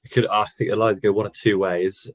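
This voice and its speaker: A man's voice: lowish voice, flat delivery, brisk, dry recording. A man co-hosting a casual football podcast, chatting loosely and laughing often. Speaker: podcast co-host. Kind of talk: casual chat.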